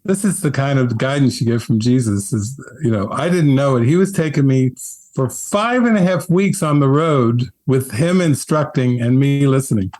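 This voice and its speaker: A man and spiritual teacher telling his story in an interview, earnest and animated, often laughing. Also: medium pitch, moderate pace.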